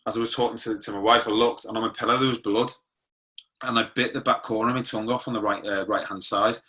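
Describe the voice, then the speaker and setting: A man's voice: fairly low pitch, sharp tone. A middle-aged man, a former police sergeant, recounting a personal experience in conversational style, with restarts and quoted dialogue. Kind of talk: personal storytelling.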